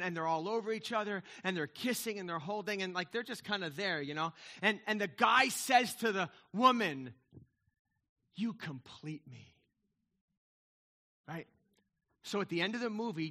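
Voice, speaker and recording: With a high-pitched, sharp-toned voice, a man in his fifties preaches a conversational sermon. This pastor is chatty and digressive, peppering his talk with asides to the congregation.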